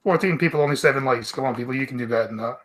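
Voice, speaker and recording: A Scottish man with a bright, forward voice, chatting casually on a group stream. He reads news out loud and answers his friends with wry, dry humour. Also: mid-range voice, very fast, slight background noise. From Scotland. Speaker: streamer host.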